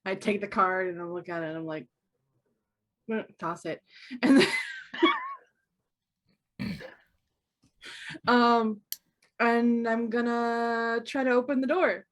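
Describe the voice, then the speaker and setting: A woman's voice: on the high side, fairly even intonation, slow, pauses often. A woman player in a tabletop game, talking in a playful, giggly way. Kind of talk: casual play at a game table.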